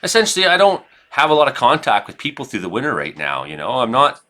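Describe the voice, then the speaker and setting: A Canadian man giving casual, rambling commentary over his own gameplay, shifting between chat and loud reactions. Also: mid-range voice, fast talker. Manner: rambling, excitable, reacts loudly to hits. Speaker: gaming streamer and weather forecaster.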